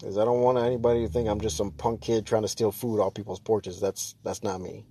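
A young man in a casual vlog rant, talking fast and loose with lots of fillers and restarts. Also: fairly low pitch, little pitch movement, slight background noise. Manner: ranting, exasperated, jumps to loud mock shouts.

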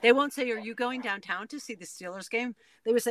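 A woman's voice: a little high, a little fast, a bit bright, no room sound. A woman who works as a dialect coach, chatting animatedly as a guest. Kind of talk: casual conversation.

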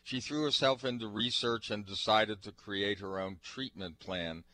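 A man co-hosting a radio talk show, introducing a guest in a relaxed way with frequent fillers. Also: on the low side, unhurried, poor audio. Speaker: radio co-host.

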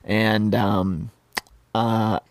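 Man, deep-ish voice, fried gravelly tone, laid-back halting talker. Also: no echo. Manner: relaxed, halting, full of "you know" fillers. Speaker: podcast co-host. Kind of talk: casual storytelling chat.

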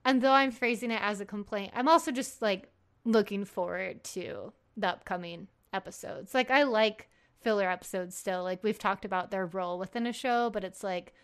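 A woman's voice: mid-range voice, normal speed, a bit bright, clear, resonant tone. A young woman co-hosting a podcast in casual chat, rambling and filling her talk with "like.". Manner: rambling, many "like" fillers, laughs often. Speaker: podcast co-host.

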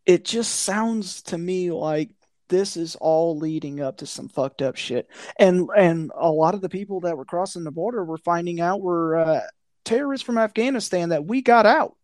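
A man's voice: sits high, moderate pace, a little mellow, dry recording, studio quality. A man in casual conversation, blunt and profane, ranting with a conspiratorial tone. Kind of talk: casual chat.

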